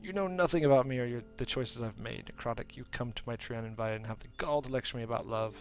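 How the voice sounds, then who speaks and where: A man's voice: mid-range voice, fast talker, soft background music, natural voice. A man voicing a bitter, hostile female tree spirit who speaks scornfully and makes threats.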